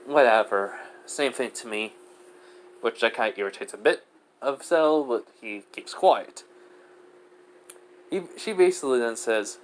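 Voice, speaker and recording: A man's voice: medium pitch, animated, measured pace, long pauses. A man narrating an improvised fan story in a rambling way, full of fillers.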